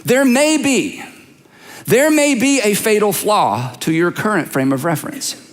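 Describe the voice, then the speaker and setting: A man's voice: high voice, big pitch swings, measured pace, in a large hall. A man preaching a sermon as a pastor, talking conversationally and teasing listeners with direct questions. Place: large church auditorium.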